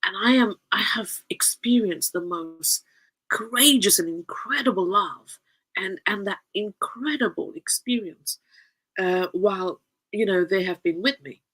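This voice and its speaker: A woman with a medium-pitched, slightly rough voice tells casual anecdotes at a measured pace, and the audio is poor. She's warm and effusive, often giggling and repeating phrases for emphasis.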